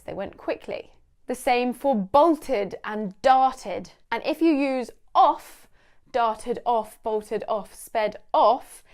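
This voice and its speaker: A woman's voice: mid-range voice, a little mellow. A young British woman teaching English vocabulary in a casual, playful way, laughing often.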